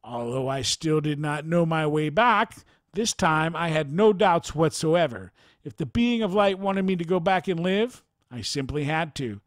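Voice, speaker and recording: A man narrating a near-death experience account in a formal, measured reading style. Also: fairly high pitch, lively intonation, no room sound, studio quality.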